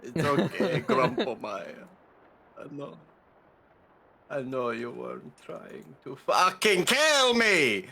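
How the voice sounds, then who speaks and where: Gravelly laughing stream reactor. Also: medium pitch, very animated, takes it slowly, bright, forceful tone. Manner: laughing, swearing.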